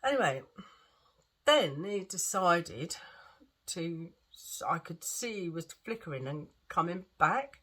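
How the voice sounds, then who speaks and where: Husky woman with a cough. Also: lowish voice, lively intonation, takes it slowly, fairly bright tone. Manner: rambling, repeats herself, restarts often. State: lingering cough. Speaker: vlogger. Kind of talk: chatty storytelling vlog.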